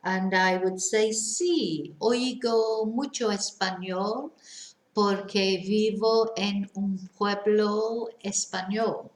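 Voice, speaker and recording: A woman teaching a Spanish lesson, reading example questions and slowly modelling her answers, then translating them. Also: mid-range voice, fairly even intonation. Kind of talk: slow language lesson. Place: lives in a Spanish village. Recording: echoey room.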